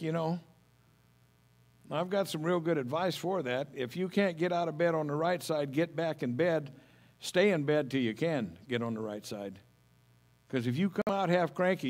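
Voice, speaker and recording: A middle-aged man preaching a sermon as pastor, folksy and homespun, telling stories with humor. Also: on the high side.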